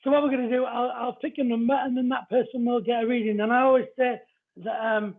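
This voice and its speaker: A man's voice: very high voice, level tone, fast talker. A man hosting a live-stream psychic card reading, chatting casually and greeting viewers by name as he explains the cards. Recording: narrow phone-like audio.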